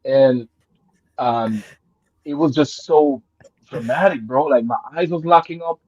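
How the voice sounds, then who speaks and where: A man who grew up in Jamaica, telling a story in casual chat, swinging between loud excited bursts and low murmurs, laughing and swearing often. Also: normal speed, breathy edge, no room sound, lo-fi sound. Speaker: guest.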